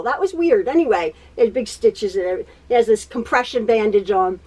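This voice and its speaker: High-voiced chatty woman in her sewing room. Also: expressive, brisk, a little mellow. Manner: rambling, laughs often, repeats and stutters. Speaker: quilting tutorial host. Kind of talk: chatty personal catch-up.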